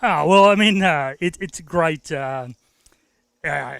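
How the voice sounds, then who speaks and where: Brief: Australian male angler, bright crisp voice, easygoing and self-deprecating. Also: on the high side, slow pace, no echo. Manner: laid-back, self-deprecating humour. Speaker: winning angler. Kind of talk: casual interview. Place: outdoors at a lakeside weigh-in.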